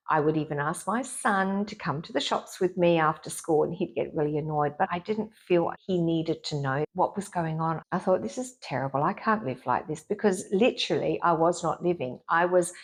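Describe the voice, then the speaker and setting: Woman, middle-aged, breathy edge, candid, animated storyteller, interview guest. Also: lowish voice. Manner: frank and lively, acts out her own inner voice. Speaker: intuitive therapist guest.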